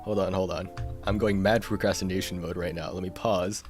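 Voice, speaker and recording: A man's voice: low-pitched, steady tone, fairly quick, over music. A man chatting casually on a live stream, rambling and self-deprecating, with a tired voice.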